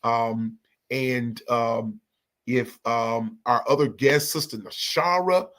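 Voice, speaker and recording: Hosting a church organization's live online chat from Indianapolis, a man greets viewers by name with energy and offers blessings. He takes his time, speaking in a medium-pitched, fairly bright voice.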